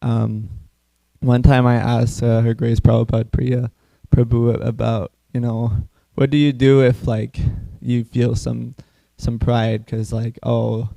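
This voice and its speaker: A man chatting casually in a class group, his talk loose and peppered with fillers. His voice is gravelly and mellow, at a middle pitch. The sound is dry. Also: little pitch movement, unhurried, no echo. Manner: chatty, full of "like" and "you know" fillers. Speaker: class participant. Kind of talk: casual reflection.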